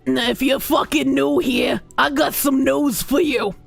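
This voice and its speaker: A woman streamer in casual chat, reading out donations with giggly laughs, loud outbursts and swearing. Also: high voice, fairly even intonation, unhurried, vocal fry, slightly rough. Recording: faint music behind voice.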